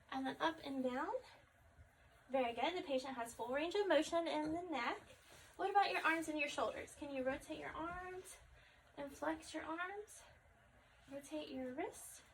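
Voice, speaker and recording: A woman conducting a step-by-step health assessment, calmly asking questions and repeating the answers back. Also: high voice. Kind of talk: clinical health assessment demonstration. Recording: distant mic with faint background noise.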